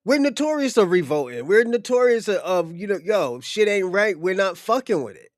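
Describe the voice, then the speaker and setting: A young man with a fairly high voice talks in a loose, heated podcast discussion. He is blunt and profane and circles back to repeat his points. The sound is dry and close, with no room echo. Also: big pitch swings, moderate pace. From United States. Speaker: podcast host. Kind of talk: casual unscripted discussion.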